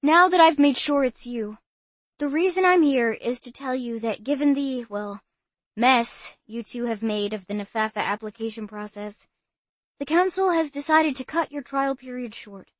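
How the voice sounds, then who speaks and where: A woman voicing a self-important young boy who acts as a club official, speaking in a brisk, officious way. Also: high-pitched, no echo, pitched above the performer's own voice.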